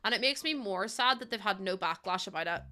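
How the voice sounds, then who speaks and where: A woman's voice: mid-range voice, lively intonation, fairly quick, sharp tone. A young adult woman, chatting heatedly to her live chat while she builds in a game. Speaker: live streamer.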